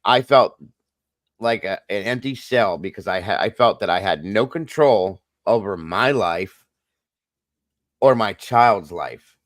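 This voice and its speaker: A man's voice: fairly low pitch, expressive, takes it slowly, a bit bright, dry recording. A middle-aged man hosting a casual livestream chat, telling a personal story earnestly and talking straight to his viewers. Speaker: host.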